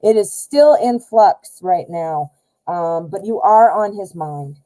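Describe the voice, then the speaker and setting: A woman's voice: fairly low pitch, expressive, takes it slowly, low-quality recording. Chatty American woman reading tarot live. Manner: chatty, warm to chat, many fillers and self-corrections. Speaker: tarot reader, live stream host.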